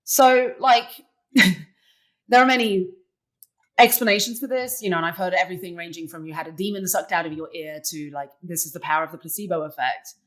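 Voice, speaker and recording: A woman's voice: lowish voice, fairly quick. A young adult woman, a guest in an interview, telling a personal story casually and filling it with "like". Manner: chatty, many "like" fillers, animated retelling. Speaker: interview guest, poker player.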